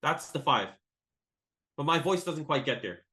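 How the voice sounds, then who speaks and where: A man's voice: a little high, expressive, unhurried, bright, forceful tone. Man teaching melodic modes on a call. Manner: sings recitation examples and counts scale notes aloud. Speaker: maqam teacher. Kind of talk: casual online workshop.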